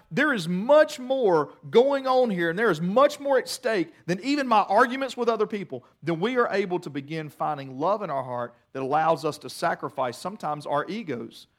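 A man preaching a sermon as pastor, telling a story with self-deprecating humor, dropping to soft low asides and rising to loud emphatic points.

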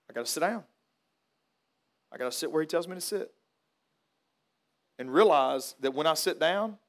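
Male pastor, high voice, folksy storyteller turned earnest preacher. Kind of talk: funeral sermon with storytelling.

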